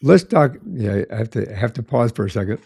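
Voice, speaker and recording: A man's voice: medium pitch, expressive, fast talker, creaky, mellow, breathy edge, no echo. A man hosting an interview, a former police officer who asks long questions with restarts and repeated words. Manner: hesitant, repeats words while asking. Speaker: podcast host, former law enforcement officer.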